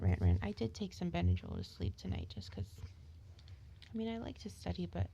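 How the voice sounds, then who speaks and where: A tired woman rants and vents in a gravelly, mellow voice, slipping into half-whispers between sharper swearing. Her pitch swings widely, sitting on the low side. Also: dull audio, a little hiss or hum. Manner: profane ranting, often dropping to a whisper. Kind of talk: rambling venting monologue.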